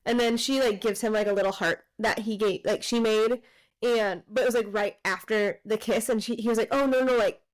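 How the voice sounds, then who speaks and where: A woman co-hosting a podcast, casually retelling a film's plot with lots of "like" fillers and quick asides. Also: medium pitch, fairly even intonation, poor audio. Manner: rambling retelling of a film plot, many "like" fillers. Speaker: podcast co-host. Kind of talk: casual chat.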